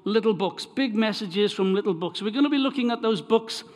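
Recorded with a long hall echo, a preacher from Wales opens his sermon and reads from scripture, chatting with the congregation and often restarting phrases. His high voice has lively intonation, and he speaks a little fast.

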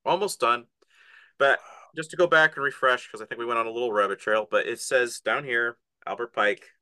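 A man's voice: medium pitch, a little fast, bright, forceful tone, no echo. A man speaking earnestly and fervently as a podcast guest, often tripping over and repeating words. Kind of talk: passionate podcast conversation.

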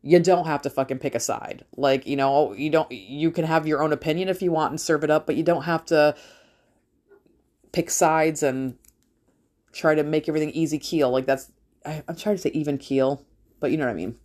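Low-voiced woman, candid and profane. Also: moderate pace, a little mellow. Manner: candid, heavy swearing, rambling. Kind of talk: casual monologue.

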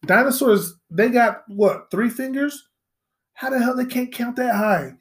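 A man's voice: very high voice, unhurried, a bit bright. A man hosting a solo podcast, telling a story as a profane, rambling rant and repeating himself in mock disbelief. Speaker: podcast host.

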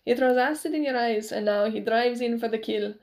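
A woman's voice: on the high side, a little fast, darkish tone, lightly acted. Woman doing a scoffing Scottish sword master. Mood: challenging. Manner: scoffing, challenging. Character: gruff old Scottish sword master, man.

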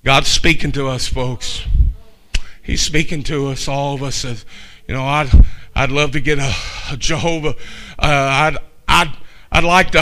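Older pastor guy preaching hard, high bright voice, goes from quiet to yelling. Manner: fiery, swings from hushed to shouting. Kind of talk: sermon.

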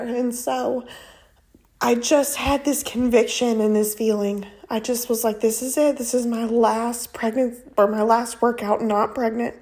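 A woman in her thirties casually telling a personal story, acting out what people said. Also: on the high side. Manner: animated, quotes people in raised voices.

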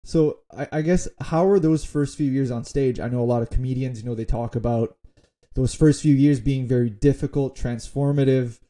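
A man's voice: medium pitch, normal speed, warm tone. A male host asking a comedian about his career in a casual interview, with short friendly reactions.

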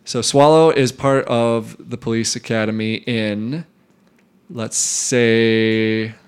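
A man co-hosting a podcast, rambling and improvising ideas out loud in casual comedic chat. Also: mid-range voice, steady tone, slow pace, smooth. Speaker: podcast co-host.

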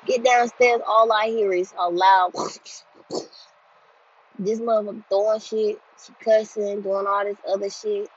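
A woman in her twenties telling a story in a casual monologue, blunt and animated, swearing freely. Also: mid-range voice, measured pace, slightly rough. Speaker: group home staff telling a story. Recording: dull lo-fi sound.

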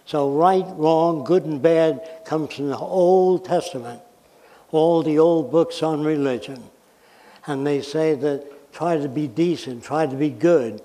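An American man with a high, dark-toned voice gives a blunt, emphatic public lecture in a lecture hall, and the recording carries the hall's reverb. He drives his points home using examples and questions.

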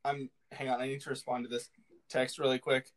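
A man's voice: mid-range voice, little pitch movement, brisk. A young man co-hosting a podcast in casual chat, jokey and playful, laughing often. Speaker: podcast co-host.

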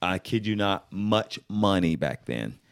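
A man's voice: low-pitched, lively intonation, measured pace, vocal fry, clean tone, dry recording, studio quality. A middle-aged man, an actor, chatting as a podcast guest and telling stories in a joking, playful way. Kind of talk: casual interview chat.

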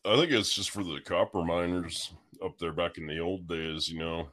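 A man's voice: low-pitched, fairly even intonation, normal speed, a bit bright. A man in casual podcast chat who laughs often and chimes in with short reactions. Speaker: podcast co-host.

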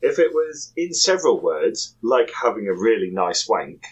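A man's voice: on the low side, sing-song, moderate pace, breathy edge, lo-fi sound. A man co-hosting a casual podcast from home, swearing, laughing and joking dryly. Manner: laughing, sweary, dry jokes. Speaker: podcast co-host. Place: home room in Japan.

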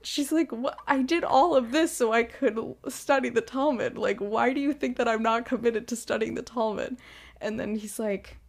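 A woman co-hosting a casual podcast, walking through a movie plot in a voice that sits a little high. She keeps slipping into quoted dialogue as she tells the story. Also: moderate pace, gravelly. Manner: animated retelling with quoted character lines, frequent laughing. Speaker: podcast co-host. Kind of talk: casual chat recapping a movie.

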